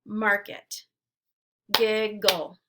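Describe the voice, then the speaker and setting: A woman teacher leading a phonics drill, saying each word slowly and clearly so it can be repeated back. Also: medium pitch, little pitch movement, very noisy. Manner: slow, clearly enunciated, repeating words. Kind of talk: phonemic awareness drill.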